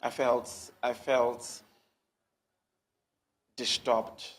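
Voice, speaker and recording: A male journalist speaking on a live TV interview from a remote line, measured and forgiving. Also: medium pitch, level tone, breathy edge.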